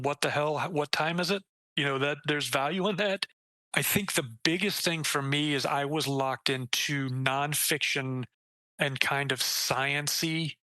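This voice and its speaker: Man, author guest, casual interview, bright forceful voice, dry close sound. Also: no echo, poor audio. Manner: animated, acts out quoted lines with jumps in pitch; swears casually, restarts sentences.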